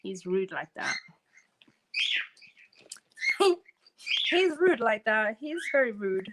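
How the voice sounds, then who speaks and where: A woman chatting casually while painting a craft project, talkative and quick to laugh. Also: a little high, sing-song, heavy background noise. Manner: chatty, laughs often, talks to her pet birds. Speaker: craft stream co-host.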